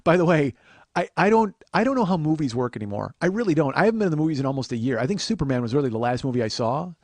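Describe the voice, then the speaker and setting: A man hosts a comedy podcast and rambles quickly in casual chat, making fun of himself as he goes. His voice sits a little high for a man. The sound is dry and close to the mic. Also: very animated, darkish tone, no room sound. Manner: rambling, self-mocking, slips into silly voices. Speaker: podcast host. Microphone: close studio mic.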